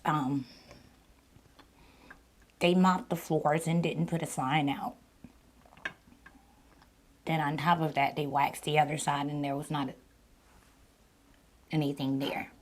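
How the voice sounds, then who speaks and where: A woman with a sore throat, hosting a mukbang and slowly retelling a story to her viewers in a casual way. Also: sits low, steady tone. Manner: slow, deliberate retelling with repeats. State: sore throat, partly lost voice. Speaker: mukbang channel host.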